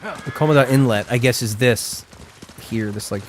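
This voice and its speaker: A man's voice: medium pitch, moderate pace, slight background noise. A man streaming a game live, chatting casually and rambling with lots of "like" as he plays. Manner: chatty, rambling, heavy use of "like". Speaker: gaming streamer. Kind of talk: casual live gameplay commentary.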